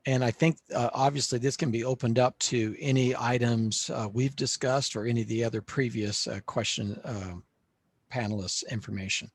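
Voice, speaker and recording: A man with a husky voice presents slides to a panel at a steady, measured pace, filling pauses with "uh". The sound is dry and close, with no room around it. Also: medium pitch, dry recording. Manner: measured, with frequent "uh" fillers. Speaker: panelist presenting on school facilities. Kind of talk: webinar presentation.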